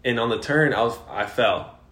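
A man's voice: mid-range voice, moderate pace, a bit bright. A young man co-hosting a podcast, telling rambling stories with swearing and laughter in casual chat. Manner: profane, laughing storyteller. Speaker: podcast co-host. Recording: echoey room.

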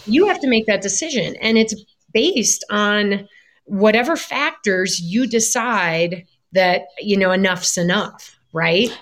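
A woman's voice: medium pitch, slow pace, fairly bright tone. Reflective woman in casual talk. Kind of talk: casual conversation.

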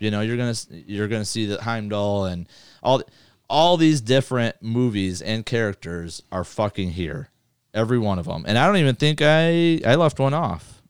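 A man hosting a casual movie podcast, talking loosely with swearing and rattling through a list fast. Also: medium pitch, clear, resonant tone, no room sound, studio quality. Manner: loose, profane, reads lists quickly. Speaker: podcast host.

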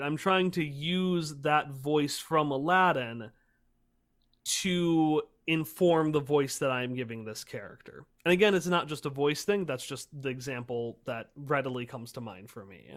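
A man who runs tabletop games, explaining his approach in casual podcast chat with lively energy. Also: a little high, measured pace. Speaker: tabletop game master.

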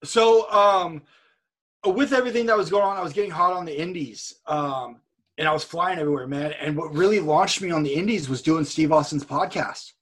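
A man with a husky, grainy voice that sits a bit high for a man tells a rambling story over a video call. He talks with energy and swears freely, and he stumbles over repeated words. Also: a little fast, a bit bright. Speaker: guest, streamer and wrestler. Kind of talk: casual storytelling chat.

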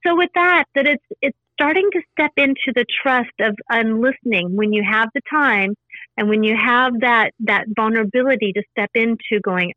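Earnest woman guest, higher voice, dry close sound, patient teaching manner. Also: moderate pace, no room sound, highs cut off. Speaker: spiritual intuitive guest. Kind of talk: casual interview talk.

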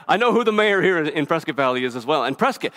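A male pastor preaching a sermon quickly and earnestly, often restarting his phrases. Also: a little high, lively intonation, bright, forceful tone. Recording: reverberant hall.

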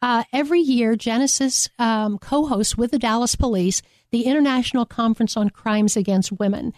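A woman's voice: fairly high pitch, normal speed, darkish tone, dry recording, clean studio sound. A woman guest from a domestic violence agency, speaking passionately and emphatically in a radio interview and repeating her key phrases. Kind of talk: earnest radio interview talk.

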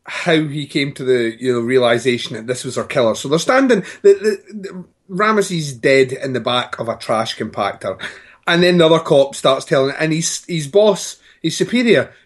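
A man's voice: mid-range voice, animated, moderate pace. A man co-hosting a podcast, chatting casually about a film in a wry, incredulous way. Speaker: podcast co-host. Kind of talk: casual movie review chat.

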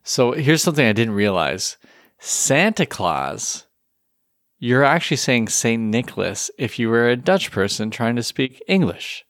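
A man's voice: medium pitch, sing-song, a little slow, a bit bright, dry recording, clean studio sound. A man co-hosting a podcast in casual chat, joking and self-deprecating. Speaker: podcast co-host.

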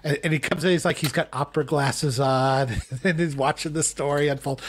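A man's voice: a little high, steady tone, fairly quick, hardly any pauses. A middle-aged man co-hosting a casual podcast chat, telling long rambling stories full of restarts and asides. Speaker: co-host.

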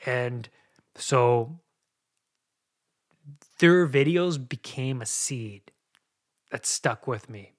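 Man, thirties, podcast host, earnest, confessional, personal recovery monologue, repeats phrases, mid-pitched voice. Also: drawn-out words, long pauses. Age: 30s.

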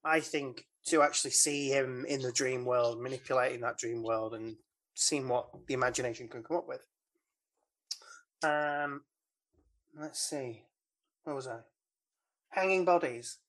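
A woman's voice: a bass voice, steady tone, measured pace, long pauses. Woman co-host, casual rambling film recap, giggly and loose, lots of ums. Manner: chatty, rambling, giggly recap with many fillers. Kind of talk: casual chat.

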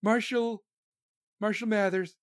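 A man putting on the voice of a shrill, outraged political reader, high and breathless in mockery. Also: steady tone, slow pace, clean tone, no echo, studio quality.

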